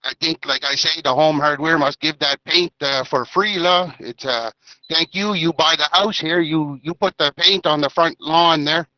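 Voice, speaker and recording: A man putting on a comic Acadian French voice, quick and lively in his delivery. He rattles on cheerfully with bits of French, and he sounds bright and a little high, all over dull lo-fi chat audio. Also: no room sound. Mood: playful. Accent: Acadian French put-on. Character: man with a joking put-on Acadian French accent.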